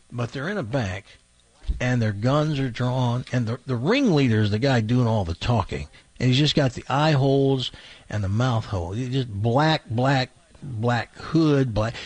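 A male radio show host telling a long joke in a casual, animated way, acting out the characters' lines. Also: medium pitch, husky, dry recording. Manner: animated storyteller, acts out shouting robber lines.

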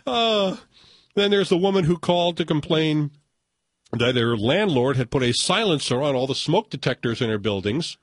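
A man's voice: on the high side, very animated, moderate pace, no echo. An older man hosting a radio show, telling stories in casual banter and chuckling as he puts on voices for callers. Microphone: studio microphone.

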